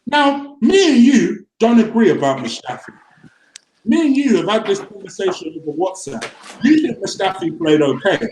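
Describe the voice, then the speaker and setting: A man's voice: high-pitched, moderate pace, roomy sound, a little hiss or hum, poor audio. Ranting young man. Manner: animated, ranting, swearing, voice rising when riled. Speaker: co-host of a football fan channel. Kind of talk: heated casual chat.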